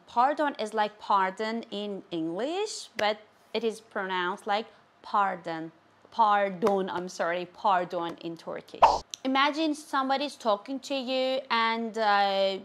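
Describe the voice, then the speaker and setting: A woman giving a language lesson, saying each phrase slowly and repeating it with care. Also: medium pitch, a bit bright. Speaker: language teacher. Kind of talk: slow, clear language lesson.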